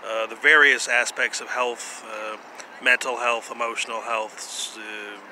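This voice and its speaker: A man vlogging in a rambling, casual monologue, halting often with pauses and asides. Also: medium pitch, steady tone, background noise. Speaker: vlogger presenting jutsu.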